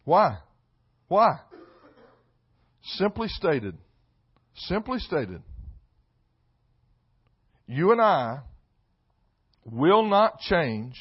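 High-voiced preacher, shouting his points. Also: big pitch swings, very slow, pauses often, slightly rough. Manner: swings from soft asides to shouted emphasis; repeats key phrases for emphasis. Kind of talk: sermon. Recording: dull lo-fi sound.

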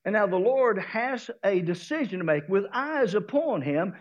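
A male pastor with a Southern US accent preaching with a high, lively voice. He tells the story with animated energy and acts out the voices of its characters. The recording sounds dull and lo-fi. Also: moderate pace. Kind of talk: sermon.

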